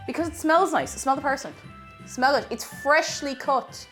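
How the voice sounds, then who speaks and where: A woman's voice: high voice, animated, fairly quick, soft background music. A woman chatting casually on a cooking live stream, reading chat aloud and laughing often.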